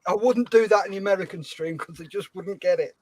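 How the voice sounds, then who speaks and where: A man's voice: sits high, quick pace, over a noisy crowd. A man hosting a livestream from a shed, joking with guests and reading out viewer comments. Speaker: livestream host. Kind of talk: casual chat.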